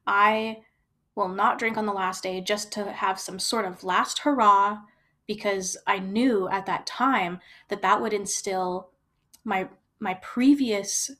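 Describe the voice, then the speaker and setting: A woman's voice: mid-range voice, a bit bright. Candid woman recounting her own story. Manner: candid and reflective, frequent fillers and restarts. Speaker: storyteller sharing personal experience.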